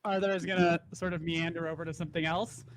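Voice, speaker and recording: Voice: mid-range voice, flat delivery, fast, slight background noise. A player with a male-range voice in a tabletop game, talking hesitantly with laughs and many fillers.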